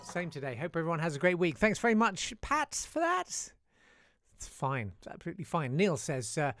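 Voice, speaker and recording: A man's voice: a little high, sing-song, moderate pace, fairly bright tone, no echo, clean studio sound. A man hosting a casual live-stream chat show, reading out listener messages in a chatty, self-deprecating way. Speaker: host.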